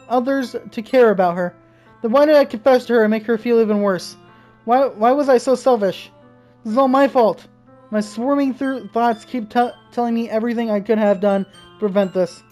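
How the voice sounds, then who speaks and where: A young woman with a dark-toned, higher-than-average voice plays through a visual novel on stream, speaking at a normal speed. She reads the game's text aloud, but breaks off into frightened swearing; faint game music runs in the background.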